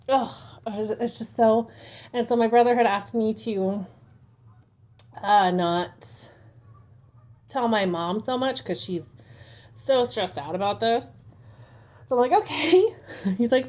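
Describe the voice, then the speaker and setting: Young woman vlogger, slightly high voice, frustrated venting monologue, casual and animated. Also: slow pace, pauses often. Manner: frustrated, exasperated, animated retelling. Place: home, at a table.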